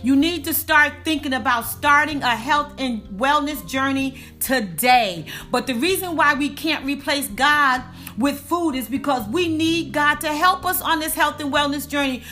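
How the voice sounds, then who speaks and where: A woman's voice: high voice, sharp tone, soft background music. A woman giving a preaching-style wellness talk, calling her listeners y'all and repeating lines for emphasis. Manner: repeats lines for emphasis, slow drawn-out punch words. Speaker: faith and wellness speaker.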